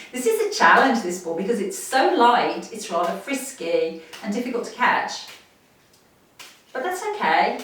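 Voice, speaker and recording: A woman guides a playful movement class from her chair, talking warmly and laughing as she goes. Her voice rises and falls a lot, and it rings in a very echoey room. The mic sits some way off. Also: mid-range voice, distant mic. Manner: encouraging, laughs often, chatty while moving. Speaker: movement instructor. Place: home room, seated on a chair.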